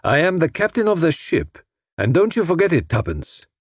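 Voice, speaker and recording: Casting note: narrator as a bossy, theatrical young sleuth, husky tone, lively inflection, dry close sound. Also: male voice, a little high, moderate pace, dry recording, voice pushed up, heavily acted. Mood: self-important. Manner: self-important, theatrical, bossy. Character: pompous young man playing detective. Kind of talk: audiobook character voice.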